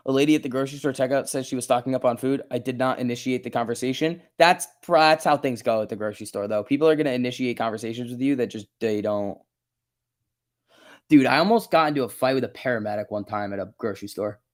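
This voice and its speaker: This casual stock market livestream is hosted by a New Jersey-accented man who chats, reads the chat, tells stories and laughs a lot. He speaks quickly in a mid-range voice.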